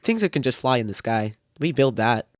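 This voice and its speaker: A man's voice: mid-range voice, lively intonation, a little fast, dry recording. A thirteen-year-old boy chatting casually as a podcast guest, rambling with a dry wit. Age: teens. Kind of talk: casual chat.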